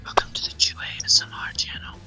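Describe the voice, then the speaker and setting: A chatty female ASMR host murmuring in whispered role-play, as a man puts her on. The voice is a hushed, breathy whisper that rambles along, and the tone is bright with a crisp edge. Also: quick pace, faint music behind. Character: soft-spoken female ASMR video host.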